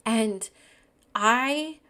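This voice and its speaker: A woman's voice: on the high side, extremely slow, pushed and bright. Earnest, chatty woman podcast host. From Canada. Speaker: podcast host and medium teacher. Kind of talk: casual storytelling podcast.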